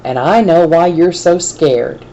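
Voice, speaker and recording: A woman's voice: lowish voice, measured pace, dark tone, highs cut off, a little hiss or hum. A woman voicing a young schoolboy who speaks earnestly and pleadingly. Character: bold young schoolboy on a bike.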